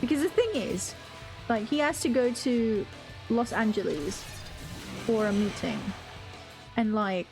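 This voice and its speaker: A woman's voice: a little high, animated, unhurried, long pauses, over music. A young woman streaming a game, chatting casually with viewers in a rambling, swearing, off-the-cuff way. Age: young adult. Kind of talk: casual live-stream chat while gaming.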